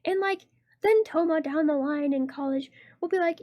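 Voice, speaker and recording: High-voiced, chatty woman streamer. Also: moderate pace, darkish tone, no echo, clean studio sound. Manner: chatty, laughs often, rambling theorizing. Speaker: game streamer. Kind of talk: casual let's-play chat.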